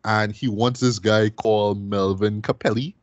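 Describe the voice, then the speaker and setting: Low-voiced man hosting a chatty film review. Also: fairly even intonation, unhurried, no room sound, dull audio. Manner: chatty, ends many phrases with "right?". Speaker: podcast host and film reviewer. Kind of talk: casual film review discussion.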